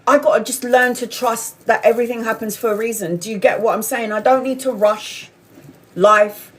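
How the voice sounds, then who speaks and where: A woman's voice: a little high, steady tone, moderate pace. Candid, swearing woman storyteller. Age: 40s. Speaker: tarot reader livestream host. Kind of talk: casual spiritual chat.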